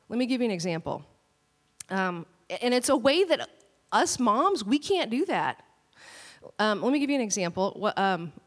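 Woman, pastor, sermon, animated storytelling, mid pitch, long hall reverb. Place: church hall.

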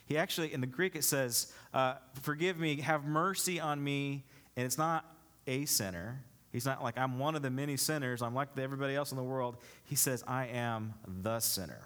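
A man's voice: medium pitch, fairly even intonation, a little fast, hardly any pauses, fairly bright tone. A male pastor preaching a sermon, reading scripture aloud and explaining it with rhetorical questions to the congregation. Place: church.

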